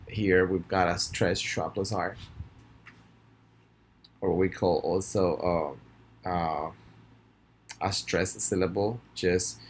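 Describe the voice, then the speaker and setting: A man whose first language is Spanish, teaching a recorded pronunciation lesson in a friendly way and repeating words slowly for students to echo. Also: deep voice, fairly bright tone, slight background noise.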